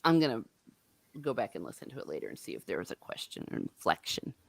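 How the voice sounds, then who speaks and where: A woman's voice: a bass voice, huge pitch swings, fast, gravelly, breathy edge, dry recording. A woman hosting a casual book discussion livestream, chatty and laughing at herself. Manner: chatty, laughing, self-mocking. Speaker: host.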